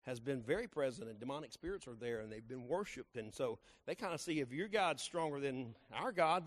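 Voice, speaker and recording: Animated pastor preaching a story. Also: male voice, fairly high pitch. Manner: folksy and animated, builds to loud emphatic peaks. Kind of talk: sermon with personal storytelling.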